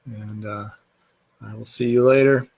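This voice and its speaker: A man reading poetry aloud in a slow, measured recitation, recording at home during quarantine. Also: medium pitch, steady tone, creaky, a little mellow, husky. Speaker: poetry reader.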